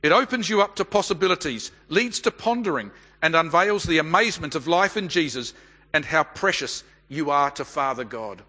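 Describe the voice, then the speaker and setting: A middle-aged Australian man preaches in a high, bright voice, pausing deliberately as he tells a story. A long reverb trails off his words in a big church hall. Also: expressive. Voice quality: measured, deliberate pauses. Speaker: pastor. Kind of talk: sermon with a storytelling manner.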